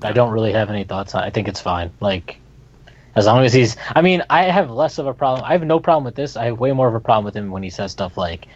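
A man's voice: lowish voice, animated, quick pace. A man co-hosting a casual sports talk show, blunt and emphatic, getting fired up as he argues. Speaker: podcast co-host. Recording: dull lo-fi sound.

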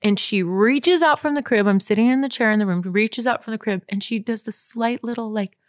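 A woman's voice: a little high, brisk, dry recording, clean studio sound. A young adult woman co-hosting a casual talk show, telling a long story in a chatty way, full of "like" and asides to listeners. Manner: chatty storyteller, lots of "like" and "you guys". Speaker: podcast co-host. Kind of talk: casual chat.

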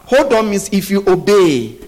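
A man preaching a sermon, often pausing so the congregation can finish his sentences. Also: high voice, very animated, a little mellow. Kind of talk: sermon with call-and-response.

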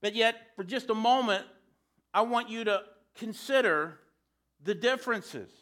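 A male preacher with a high, bright voice delivers a sermon. He keeps it conversational and drops in joking asides. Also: unhurried.

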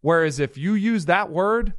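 Sports talk guy, kinda high voice, acts out quotes as he tells stories, dead dry sound. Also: unhurried, no room sound. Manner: animated storyteller, acts out quotes. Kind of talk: casual sports debate.

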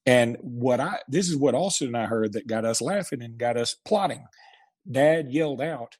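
A man's voice: mid-range voice, animated, moderate pace, a little mellow. A man in his forties, a show host telling a funny story in casual chat and laughing through his punchlines. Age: 40s.

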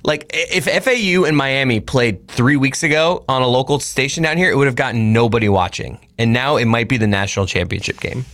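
A man's voice: mid-range voice, fairly quick, hardly any pauses, a bit bright, dry recording, studio quality. A man co-hosting a podcast, chatting loosely and rambling with a self-mocking tone. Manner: loose, rambling, laughs at himself. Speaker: podcast co-host. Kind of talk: casual chat.

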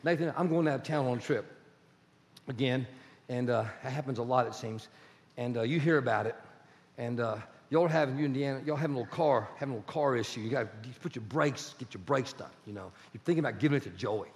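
A man preaching a sermon as pastor, animated and conversational, acting out little dialogues with his congregation. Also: medium pitch, quick pace. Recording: long church hall reverb.

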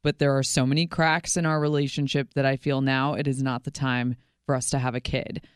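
A woman on a radio show reading a listener's message aloud in a measured way. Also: very deep voice, flat delivery, clean tone, dry recording, studio quality.

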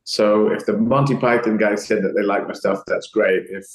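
A man's voice: fairly low pitch, steady tone, normal speed, reverberant, low-quality recording. A man talking casually as an interview guest, rambling and acting out quoted voices. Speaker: comedian guest.

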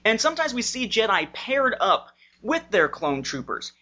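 A co-host in casual chat, making a point in a measured, thoughtful way. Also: mid-range voice, very animated, bright, forceful tone. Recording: dull lo-fi sound.

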